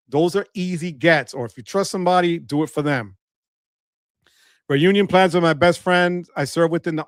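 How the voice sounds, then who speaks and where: High-voiced animated New man. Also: no room sound, studio quality. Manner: animated, playful, shouts catchphrases. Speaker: livestream host. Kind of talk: casual livestream chat reading viewer comments.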